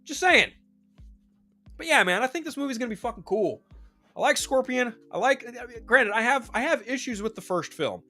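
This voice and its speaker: A man streamer rants about movies in a casual, heavily profane way. His voice swings widely in pitch, the delivery is emphatic, and faint music plays behind him. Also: animated, normal speed, bright, forceful tone. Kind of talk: casual movie news rant.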